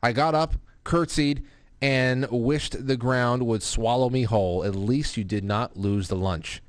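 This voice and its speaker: A man in his thirties hosting a casual live show, reading viewer comments aloud in an animated way. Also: unhurried, dry recording. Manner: animated, puts on a high child's voice when quoting his daughter. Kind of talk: casual live-stream chat.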